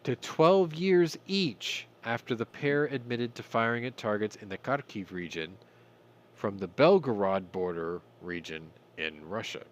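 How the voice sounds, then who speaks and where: A man's voice: lowish voice, a little slow. A man hosting a casual news commentary podcast, irreverent and swearing, with ranting asides. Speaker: podcast host.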